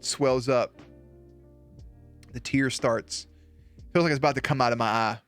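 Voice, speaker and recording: A man's voice: mid-range voice, steady tone, a little slow, fairly bright tone, soft background music. A man streaming, telling a story in a loose, profane way and laughing at his own punchlines. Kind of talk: casual storytelling on a live stream.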